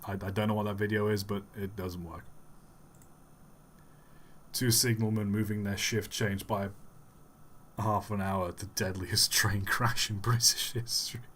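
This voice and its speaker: A man's voice: lowish voice, little pitch movement, measured pace, pauses often, a bit bright, slight background noise. A man live-streaming and giving rambling, wry commentary with the odd chuckle.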